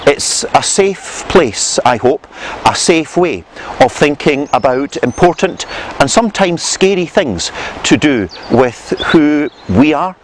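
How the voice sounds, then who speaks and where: A man teaching theological reflection to camera outdoors in a measured, earnest, gently pastoral manner. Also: on the high side, animated, a little hiss or hum. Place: outdoors on a rural path and hillside.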